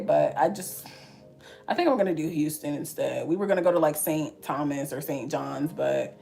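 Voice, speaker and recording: A woman's voice: low voice, a little mellow. A young woman in her twenties telling a story to her viewers in casual, slangy chat, laughing often. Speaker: vlogger.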